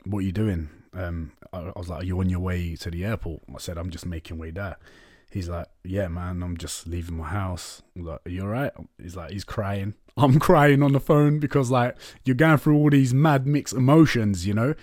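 A man's voice: low-pitched, fairly even intonation, moderate pace, a little mellow, dry recording, clean studio sound. A young man hosting a podcast, telling a personal story in a candid, chatty way. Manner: candid and chatty, swears and says "innit, man". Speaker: podcast host. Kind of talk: casual storytelling monologue.

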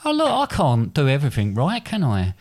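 A man in easy, casual conversation, drifting through his thoughts with stops and restarts. He pokes fun at himself in a plain, mid-pitched voice. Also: huge pitch swings, brisk, a little mellow. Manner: rambling, self-deprecating, hesitant restarts. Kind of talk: casual chat.

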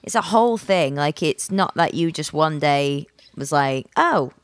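Low, earnest woman co-host, dry close sound. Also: lively intonation, unhurried, smooth, no room sound. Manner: earnest, blunt. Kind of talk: casual chat.

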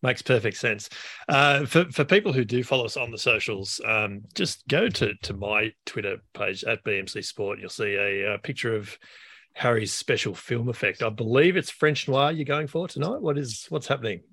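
A man's voice: mid-range voice, moderate pace, pushed and bright, husky, no echo. An Australian man hosting a sports podcast, with a dry, wry humor and a few fillers. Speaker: podcast host.

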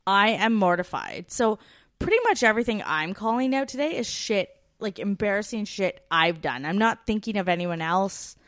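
A woman's voice: mid-range voice, animated, moderate pace, a bit bright, dry recording, studio quality. A Canadian woman co-hosting a podcast, chatty and self-deprecating in casual talk. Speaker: podcast co-host. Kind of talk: casual chat.

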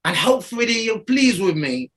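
A man's voice: sits high, sing-song, moderate pace, a bit bright. A man speaking as a guest, telling his story in a rambling, casual way, often restarting and laughing.

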